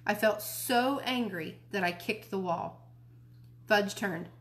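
A library storytime reader reads a children's novel aloud in a friendly, informal manner. Her voice is medium in pitch and her pace is slow.

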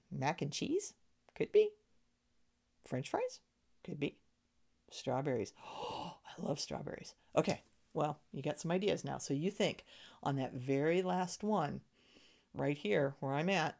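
A woman's voice: sits low, sing-song, measured pace, creaky, pauses often, a little mellow. A woman teaching an elementary music lesson to young children, encouraging them and chanting rhythm syllables. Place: screen in front of her.

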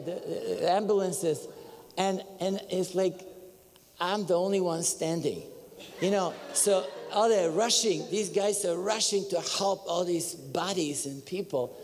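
A man preaching a story-filled sermon, animated and excitable, now and then breaking into high whoops and laughter. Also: unhurried, long reverb tail. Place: church sanctuary.

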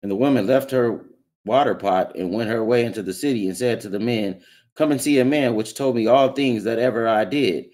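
A man reading Bible verses aloud in a steady, plain way. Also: mid-range voice, brisk. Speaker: scripture reader.

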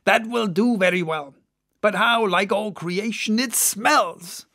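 A man's voice: high-pitched, slow, sharp tone, pitched above the performer's own voice, heavily acted. A man voicing a boisterous, joking male whaling mate in an audiobook, bellowing and mocking. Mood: hailing loudly. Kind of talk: audiobook character voice.

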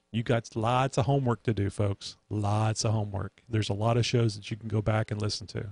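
A man's voice: on the low side, vocal fry, a little mellow, no room sound. A man hosting a casual podcast, rambling with many fillers. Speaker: host.

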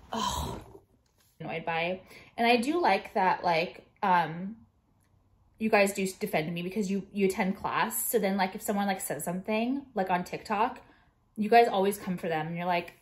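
A young woman talks straight to her viewers in a loose, unscripted vlog. She swears freely, rants bluntly and fills pauses with "um" and "like", and her pitch sits in an ordinary middle range. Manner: profane, blunt, ranting with frequent fillers. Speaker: jewelry designer and vlogger. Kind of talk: casual ranting vlog.

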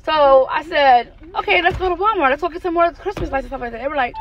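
High-voiced American mom venting in car. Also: female voice, animated, fast, few pauses, lo-fi sound, music in the background. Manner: blunt, exasperated, frank with cursing. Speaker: mother vlogger. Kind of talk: candid venting car chat. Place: parked car, then driving home.

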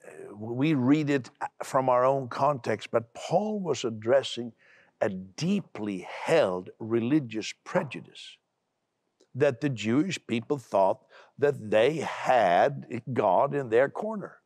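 Brusque, gravelly-voiced man preaching on TV. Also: medium pitch, expressive, slow pace, darkish tone, dry recording, studio quality. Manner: brusque, emphatic, repeats words when building up. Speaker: preacher and TV host. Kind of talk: televised sermon.

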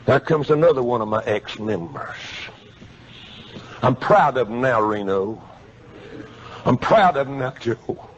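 A man preaching a revival sermon, swinging from quiet pleading to shouting. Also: medium pitch, lively intonation, unhurried, long pauses, slight background noise. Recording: muffled lo-fi sermon tape.

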